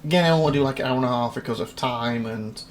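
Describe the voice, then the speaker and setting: A man's voice: mid-range voice, rapid-fire, slight background noise. A man casually commentating a game demo, rambling and thinking aloud as he reads through menus. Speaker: gaming channel host. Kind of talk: casual let's-play commentary. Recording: voice over loud game music.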